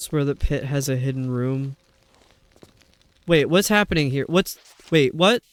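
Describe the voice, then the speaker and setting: While gaming on stream, a young man comments live at a measured pace in a medium-pitched voice, rambling, tripping over his words and laughing a lot.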